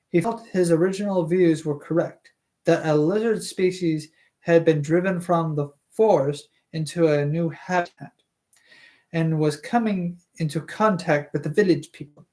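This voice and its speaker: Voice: mid-range voice, normal speed, darkish tone. A streamer reading a novel aloud live, tripping over hard words, correcting themselves, and breaking off for chatty asides.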